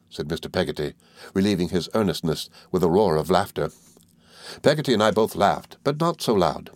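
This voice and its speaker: A man reading a classic novel aloud as narrator, in a measured storytelling manner. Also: low-pitched, lively intonation, no echo.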